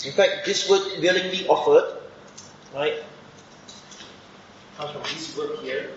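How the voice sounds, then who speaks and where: A man's voice: fairly high pitch, slow pace, pauses often. A man preaching a Bible study sermon, explaining step by step and often checking in with a questioning "right?". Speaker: preacher teaching scripture. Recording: echoey room, dull muffled sound with faint background noise.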